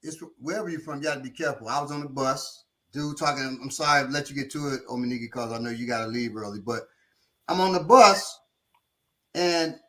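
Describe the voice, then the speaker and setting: A man telling lively street stories in a casual discussion as an instructor, swearing freely and acting out the people he quotes. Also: mid-range voice, fairly quick. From Chicago.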